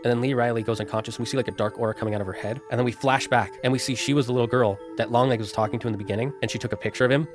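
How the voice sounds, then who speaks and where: A man rattles quickly through a horror film's plot in a rambling, animated way, full of loose fillers. His pitch sits mid-range for a man. Clear music plays behind him the whole time. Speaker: streamer. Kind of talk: unscripted film recap.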